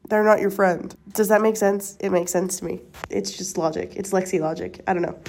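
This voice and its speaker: Young woman, podcast co-host, mellow and rambling, self-deprecating. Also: mid-range voice, steady tone, fairly quick, gravelly, slight background noise. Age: young adult. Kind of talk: casual chat.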